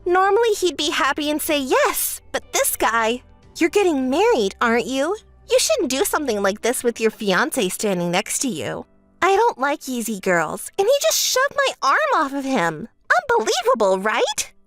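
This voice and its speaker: Woman doing a whiny spoiled bride sister, high bouncy voice, dry mic, music behind. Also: very animated, moderate pace, fairly bright tone, no echo. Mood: smug. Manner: whiny, bossy, shrill when angry. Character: spoiled self-centered young bride, bossy sister. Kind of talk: texting story voice-over.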